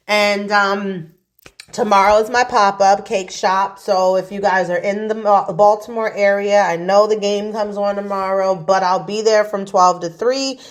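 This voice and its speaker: A woman in her forties hosting a casual chat show, telling stories in a chatty, profane way. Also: medium pitch. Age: 40s. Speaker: host.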